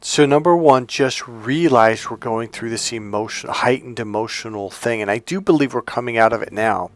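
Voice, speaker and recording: A man's voice: mid-range voice, dry recording. Rambling man giving a motivational talk. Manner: rambling, searching for words, many restarts. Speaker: life coach. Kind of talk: unscripted motivational talk to camera.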